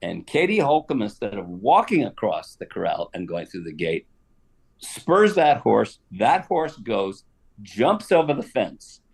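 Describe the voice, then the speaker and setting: Older man telling a lively anecdote. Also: lowish voice, a little slow, vocal fry, slightly rough. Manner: animated anecdote telling with laughs and asides. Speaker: guest actor telling stories. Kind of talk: casual storytelling on a live stream.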